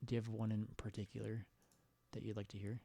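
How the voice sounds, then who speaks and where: A man hosting a casual live chat with callers, relaxed and stammering, often laughing. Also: fairly low pitch, fast talker, gravelly. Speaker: livestream host taking callers.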